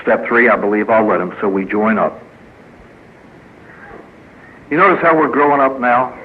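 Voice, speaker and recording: A fast-talking man with a mid-range voice, a priest, delivers a funny speaker talk at a recovery meeting in a meeting hall before a live audience. He tells folksy stories with jokes and acted quotes. Narrow, tinny audio carries slight background noise.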